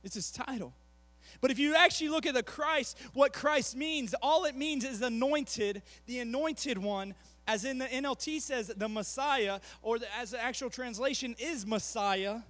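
A man preaching a sermon as a youth pastor, animated, with rapid asides between slow, emphatic phrases. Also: extremely high pitch, no room sound. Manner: animated, acts out quotes in a mocking voice.

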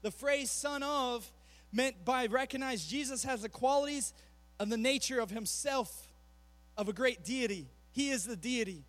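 Man, youth pastor, sermon, extremely high voice, dry close sound, animated, mocking impressions. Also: no echo. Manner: animated, acts out quotes in a mocking voice; rapid asides between slow emphatic phrases.

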